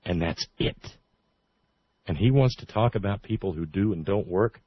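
A man hosts a call-in radio show, his low voice dry and close on a studio microphone. The sound is a little dull and lo-fi. He talks earnestly and often trips into restarts as he corrects himself. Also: moderate pace, breathy edge, dry recording. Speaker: radio talk show host. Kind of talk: talk radio monologue and call-in.

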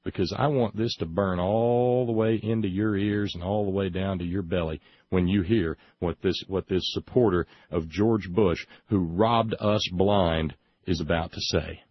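A man hosting a political talk show, sarcastic and emphatic, slowing down to stress his points. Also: low-pitched, husky, no echo, dull audio. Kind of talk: opinionated political commentary.

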